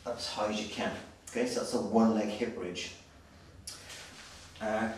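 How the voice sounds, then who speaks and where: Slightly breathless fitness coach in echoey hall. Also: male voice, fairly low pitch, fairly bright tone. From Wales. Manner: brisk, direct coaching with frequent "okay?" check-ins. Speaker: personal trainer. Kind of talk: exercise demonstration instruction. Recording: very echoey, distant, noisy room sound.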